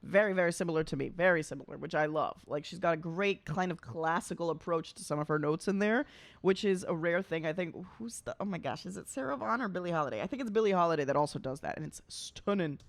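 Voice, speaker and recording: A woman's voice: fairly low pitch, animated, fast talker. A woman, an opera singer and vocal coach, chatting casually through a reaction and singing short phrases to demonstrate.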